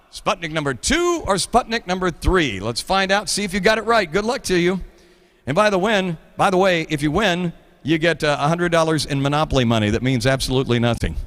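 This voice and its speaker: 50s guy hosting trivia, kinda high voice, jokey, rambly, echoey hall sound. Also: very animated, normal speed, a bit bright. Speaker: trivia show host. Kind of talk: live trivia show hosting.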